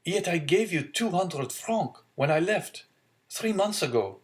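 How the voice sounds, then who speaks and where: A man's voice: high-pitched, expressive, measured pace, voice pushed up. A man voicing an earnest young sailor of twenty, devoted to his father, reading from a storybook. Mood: anxious. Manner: earnest, pleading.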